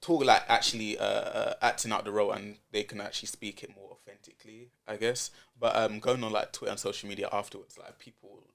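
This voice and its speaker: Bright-voiced man, halting and chatty. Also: fairly low pitch, flat delivery, creaky. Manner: halting, restarts often, full of "like". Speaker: journalist guest. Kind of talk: casual chat.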